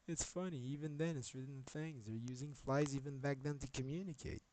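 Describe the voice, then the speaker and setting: A man talks at a middle pitch in a loose, rambling stream monologue. He jumps between thoughts, swears often and grows agitated, with a faint hiss of noise underneath. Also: steady tone, a little fast, darkish tone, rough recording.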